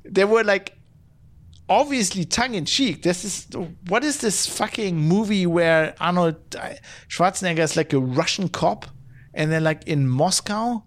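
A man's voice: sits high, animated, a little slow. A man hosting a podcast who reads out chat comments and rants casually, with a rambling, profane manner and many restarts and fillers. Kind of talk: casual opinion rant.

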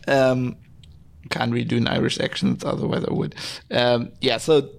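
A man's voice: medium pitch, little pitch movement, moderate pace, creaky. A man hosting a podcast, ranting in blunt, sarcastic casual commentary, swearing freely and restarting his sentences often. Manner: frequent fillers and restarts. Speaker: podcast host.

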